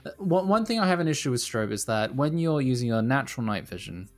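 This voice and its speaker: A man co-hosting a relaxed podcast in a mid-range voice. He rambles through his points with restarts and laughs at himself. Faint music sits quietly behind him. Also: mid-range voice, fast. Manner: rambling, self-deprecating, laughs often. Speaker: podcast co-host. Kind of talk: casual podcast chat.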